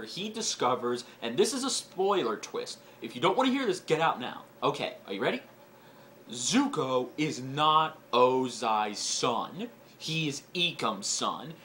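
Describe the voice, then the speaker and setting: A man casually reviewing a book and excitedly retelling its twists, leaning heavily on "you know" fillers. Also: medium pitch, a little hiss or hum.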